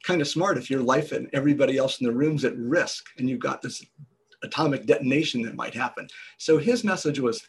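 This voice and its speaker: A man, a business guest on a podcast, explaining ideas in a measured storytelling way. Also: mid-range voice, slightly rough. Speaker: guest entrepreneur.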